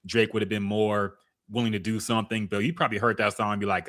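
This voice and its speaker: A man with a lowish voice and a bright, forceful edge chats casually as a podcast co-host. He gives his opinions in a relaxed, easygoing way and laughs often. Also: fast. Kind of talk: casual chat about music.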